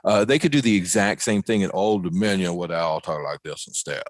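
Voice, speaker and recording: A deep-voiced man from Arkansas chats about baseball as a podcast co-host. He is folksy and animated and fills his talk with ums and asides. The sound is dry and close. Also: fairly quick, no echo. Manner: folksy, animated, joking analysis with many fillers. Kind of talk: casual sports talk. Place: ballpark.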